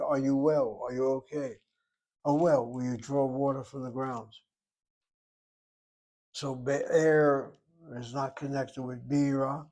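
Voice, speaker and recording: A man's voice: medium pitch, a little mellow. An older man teaching a Hebrew class, explaining words and asking and answering his own questions. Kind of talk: classroom lecture.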